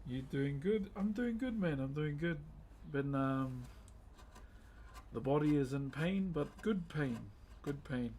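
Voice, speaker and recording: Kiwi guy on a carving stream, slow easy talk, calls everyone bro. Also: on the high side, lively intonation, darkish tone, slight background noise. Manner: laid-back, greets viewers as "bro". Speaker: wood carver live-streaming. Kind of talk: casual live-stream chat.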